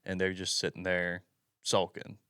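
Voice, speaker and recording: Deep-voiced young man, earnest chat. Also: monotone, normal speed, fairly bright tone, clear, resonant tone, dry recording, clean studio sound. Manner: earnest, rambling, heavy on fillers. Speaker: youth ministry volunteer, podcast co-host. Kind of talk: casual chat.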